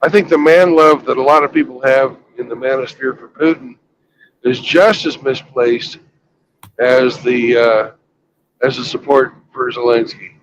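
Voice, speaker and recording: A man hosting a casual live stream from a car on the highway, blunt and matter-of-fact. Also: fairly even intonation, a little slow, a little hiss or hum, poor audio. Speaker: livestream host.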